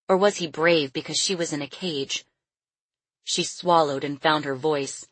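Low husky woman reading a story. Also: normal speed, a bit bright, no room sound. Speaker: narrator. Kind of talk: audiobook narration.

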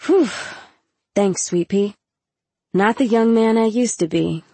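A woman voicing a middle-aged father who leads a go-go band, calling out loudly and sounding worn out, in an audiobook. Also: mid-range voice, slow, breathy edge, dry recording. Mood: tired. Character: middle-aged male go-go drummer dad, loud, weary.

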